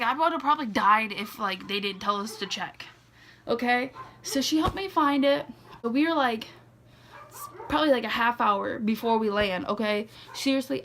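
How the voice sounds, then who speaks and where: Young woman, vlogger, casual storytime, higher voice, some vocal fry, faint background noise. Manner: chatty, says "like" and "okay" a lot.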